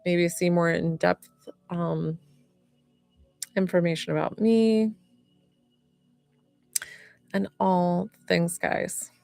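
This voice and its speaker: A young woman from upstate New York rambles through a casual live-stream chat in a lowish, gravelly voice, taking her time. She keeps stopping to answer viewers by name. The sound is dry and close, with faint music underneath. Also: fairly even intonation, drawn-out words, pauses often, darkish tone, dry recording. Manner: rambling, chatty, reads out viewer comments. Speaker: medium hosting a live stream.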